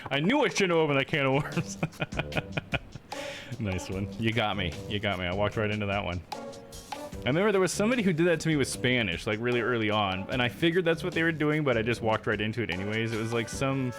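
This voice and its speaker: A man's voice: medium pitch, lively intonation, brisk. A young man live streaming a game, chatting casually in a laid-back, self-deprecating way and laughing often. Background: game music.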